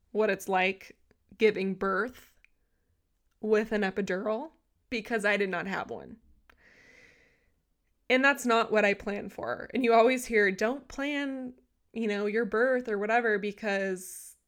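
A young woman hosting a podcast, telling a personal story in a candid, animated way and swearing freely. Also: mid-range voice, smooth. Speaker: podcast host. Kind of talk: casual storytelling monologue.

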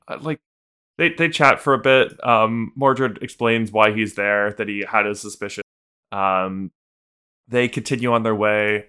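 A man's voice: on the low side, bright, forceful tone, clear, resonant tone. A man co-hosting a podcast in casual chat, rambling and swearing with many restarts. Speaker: podcast co-host.

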